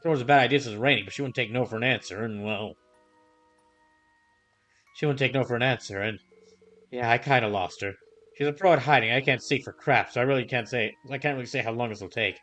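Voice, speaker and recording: A man reading game dialogue aloud as an easygoing young man, relaxed, slangy and rambling. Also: mid-range voice, quick pace, faint music behind, close to an everyday voice. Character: laid-back young man, easygoing ex-gang member.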